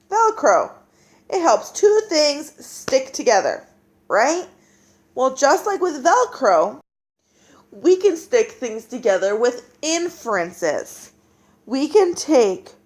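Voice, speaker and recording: A woman teacher giving a classroom reading lesson, talking to her students and acting out the voices they hear in their heads. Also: high-pitched. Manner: animated, acts out inner voices.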